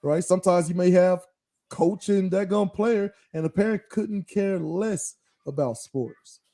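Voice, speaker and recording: A middle-aged man with a high-pitched, dark-toned voice takes his time as he co-hosts a podcast. In this casual chat he speaks earnestly, repeats his points, and keeps checking in with "right?"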